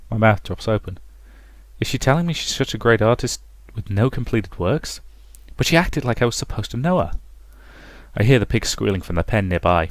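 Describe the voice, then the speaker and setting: Low-voiced man reading a game aloud. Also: a little fast, no room sound. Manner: casual, expressive reading. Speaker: let's play host.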